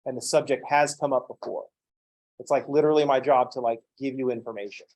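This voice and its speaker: A man's voice: medium pitch, fairly even intonation, brisk, darkish tone. A man teaching a college math class in a classroom, lecturing with wry jokes and playful asides.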